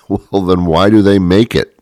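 A middle-aged man with an extremely deep, low voice talks through a comic monologue in a deadpan, rambling, self-mocking way. The recording is close and dry, with no room sound at all. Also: a little slow, no echo.

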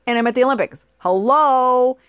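A woman's voice: sits high, normal speed, clean tone, no echo. Chatty woman in a dry room. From United States. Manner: chatty, animated, asks rhetorical questions. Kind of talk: casual rambling monologue.

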